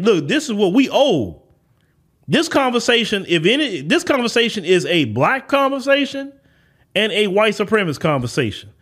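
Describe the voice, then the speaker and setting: A man's voice: sits high, fairly bright tone. A man hosting a podcast, giving an emphatic opinion monologue and hammering home his points with blunt repetition. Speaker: podcast host.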